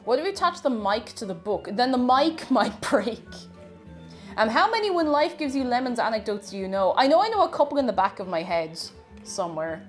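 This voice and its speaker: A woman's voice: on the high side, sing-song, brisk, faint music behind. A woman with an Irish accent casually chatting with her livestream viewers while baking, playfully greeting them by name. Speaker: livestream host.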